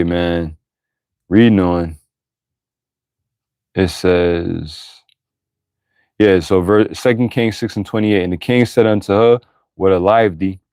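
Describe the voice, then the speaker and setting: Reading Bible verses aloud, a low-voiced man then launches into rough, forceful street-style commentary. His manner is profane, blunt and emphatic, punctuated by bursts of laughter, and the close recording is dry, without any surrounding room sound.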